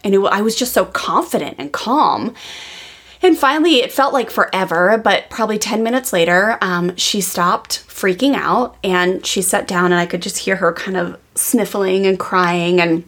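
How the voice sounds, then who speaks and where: Woman, 30s, parenting coach; casual and earnest, lots of "like"; vocal fry throughout. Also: medium pitch, moderate pace, a bit bright. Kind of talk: personal storytelling.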